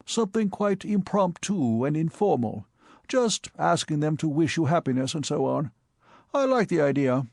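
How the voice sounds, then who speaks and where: A fussy, self-satisfied old gentleman, put on by a male narrator in an audiobook, beaming over everyone's business. His voice rides high and swoops about with hearty emphasis. The recording is close and dry. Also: creaky, dry recording. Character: genial, pompous elderly uncle, a titled gentleman. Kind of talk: audiobook character voice.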